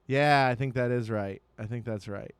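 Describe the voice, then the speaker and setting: A man hosting a podcast, chatting casually and joking with his guest, dropping in quick interjections. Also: mid-range voice, smooth, no room sound. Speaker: podcast host, comedian.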